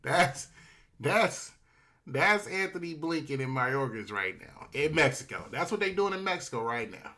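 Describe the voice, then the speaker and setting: A man's voice: a little high, animated, moderate pace, sharp tone, faint music behind. A man hosting a podcast, giving profane, slangy political commentary and acting out mock dialogues. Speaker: podcast host.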